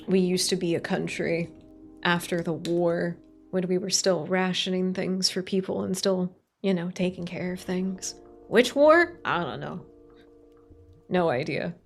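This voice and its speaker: A woman's voice: lowish voice, a little slow, vocal fry, soft background music. A woman streamer in casual, rambling chat while crafting on stream, swearing now and then and poking fun at herself. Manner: rambling, sweary, self-mocking.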